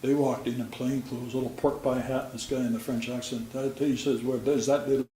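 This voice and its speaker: A man's voice: mid-range voice, flat delivery, normal speed, dark tone. Older man telling old police stories. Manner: folksy, plain-spoken, dry humor. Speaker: retired police officer. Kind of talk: storytelling. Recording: roomy sound with faint background noise.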